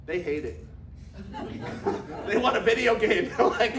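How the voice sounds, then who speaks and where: A man in his fifties giving an energetic, folksy motivational talk to a business audience, leading them in call-and-response. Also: high voice, slow pace, crowd noise. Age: 50s. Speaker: business speaker. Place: large echoey meeting room. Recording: echoey room recorded from far off.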